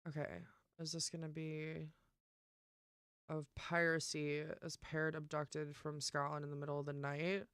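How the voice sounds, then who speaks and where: A young woman streamer talking casually and emphatically, swearing often and filling pauses with "um" and "like". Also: low voice, monotone, a bit bright, clear, resonant tone, dry recording, studio quality. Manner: emphatic and profane, with many fillers. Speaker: live streamer. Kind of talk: casual live-stream rant.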